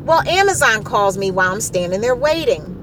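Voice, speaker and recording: A middle-aged woman telling a story in a casual, animated way, exasperated and repeating herself for effect. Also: medium pitch, fairly quick, noisy background.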